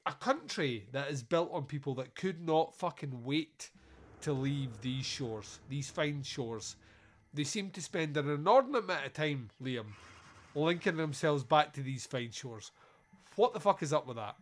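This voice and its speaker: A man's voice: on the high side, expressive, normal speed. A man hosting a podcast, recapping a film in casual, sweary, joking chat. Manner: sweary, jokey, quotes scenes in put-on voices. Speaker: podcast host.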